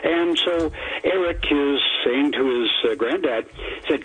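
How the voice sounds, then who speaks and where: A man calling in to a radio show, telling a long joke in a meandering, hesitant way with many pauses. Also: a little high, breathy edge. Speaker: caller. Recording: tinny phone line with hiss.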